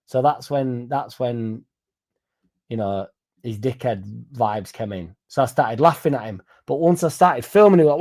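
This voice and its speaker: A man's voice: mid-range voice, moderate pace, darkish tone. A young man telling a rambling, sweary story to his livestream viewers in a blunt, casual way. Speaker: football fan streamer.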